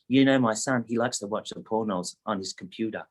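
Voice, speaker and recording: A woman's voice: very deep voice, brisk, slightly rough. A man doing a bossy, blunt mother. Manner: blunt, clipped commands. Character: bossy middle-aged mother, blunt and pushy.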